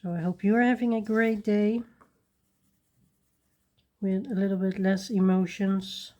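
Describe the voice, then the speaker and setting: A woman hosting a coloring video, chatting casually and rambling softly while she works at her desk. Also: mid-range voice, steady tone, a little slow. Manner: soft-spoken, rambling, with little laughs. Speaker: coloring channel host.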